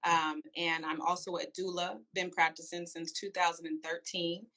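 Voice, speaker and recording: Bright-voiced woman, herbalist guest. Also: lowish voice, little pitch movement, moderate pace. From Seattle, Washington. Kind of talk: live online interview.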